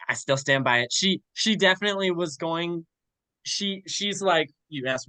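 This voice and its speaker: A player in a tabletop game, animated and insistent, acting out what their character does. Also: mid-range voice, normal speed, no room sound, rough recording. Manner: animated and insistent, retelling scenes. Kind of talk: casual tabletop game banter.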